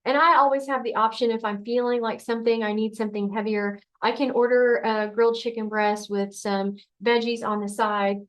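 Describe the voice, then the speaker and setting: Middle-aged woman doctor, higher-pitched voice, easy conversational coaching delivery that slips into little acted-out scenes. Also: level tone, moderate pace, few pauses, a bit bright. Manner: conversational, acts out scenarios in quoted voices. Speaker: functional medicine doctor. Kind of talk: motivational health coaching talk.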